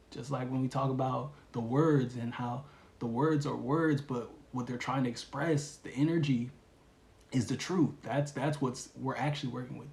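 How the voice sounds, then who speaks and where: Gravelly laid-back man, echoey room. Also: medium pitch. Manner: relaxed, rambling, slangy with many fillers. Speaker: tarot reader. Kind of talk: casual spiritual reading.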